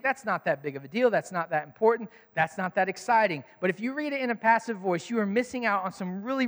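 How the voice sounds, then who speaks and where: A man's voice: high-pitched, in a large hall. A man preaching a sermon as pastor, telling stories and acting out quotes. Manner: animated storytelling, acts out quotes.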